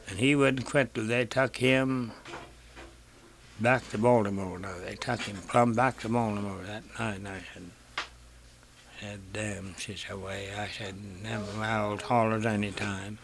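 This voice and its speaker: A man's voice: lowish voice, fairly even intonation, a little slow, fairly bright tone, a little hiss or hum. An older man telling family stories in a rambling way, in rural dialect, repeating "he said" and swearing freely. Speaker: interviewee. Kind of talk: rambling folk storytelling.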